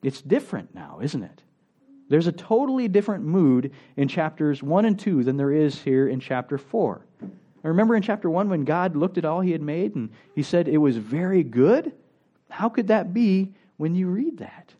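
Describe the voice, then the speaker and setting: A man preaching a sermon with an easygoing, talky delivery, often turning statements into questions for the congregation. His voice is a touch higher than most men's and mellow. The recording sounds slightly dull and lo-fi. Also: very animated, moderate pace. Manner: conversational, asks the congregation rhetorical questions. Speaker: pastor.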